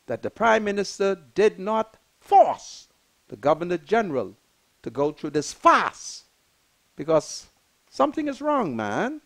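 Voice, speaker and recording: An older man hosting a live TV talk show, emotional and exclamatory, repeating his phrases. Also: very high-pitched.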